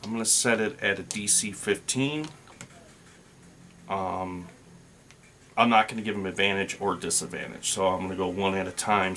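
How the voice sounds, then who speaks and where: A man's voice: low-pitched, fairly even intonation, sharp tone, slight background noise. A man narrating his solo tabletop role-playing game, thinking aloud as he rolls dice. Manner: slow, thinking aloud while rolling dice.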